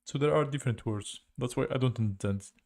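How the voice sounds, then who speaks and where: A man with a Russian accent teaching casually on a livestream, halting and repeating words to compare their sounds. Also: mid-range voice, a little mellow, a little hiss or hum. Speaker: language teacher.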